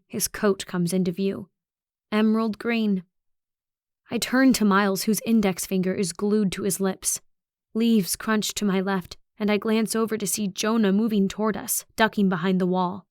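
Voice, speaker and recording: Casting: woman narrator for YA horror audiobook, mid-pitched, tense and expressive, dry close sound. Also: no echo. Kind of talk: first-person horror narration.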